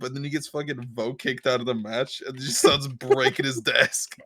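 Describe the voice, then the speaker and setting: A man's voice: medium pitch, fairly even intonation, moderate pace, few pauses, a bit bright. A man co-hosting a crude comedy podcast, throwing wry jabs between laughs. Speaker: podcast co-host.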